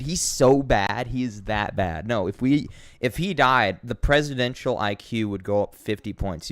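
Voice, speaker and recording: A young American man ranting in casual live-stream chat, swearing a lot and swinging between loud outbursts and low mutters. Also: no echo. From United States. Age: young adult.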